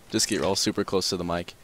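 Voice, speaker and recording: A young man chatting casually while playing a game online, joking and laughing a lot. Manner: excitable, joking, laughs a lot, big pitch jumps. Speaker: gaming YouTuber. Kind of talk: casual gaming chat.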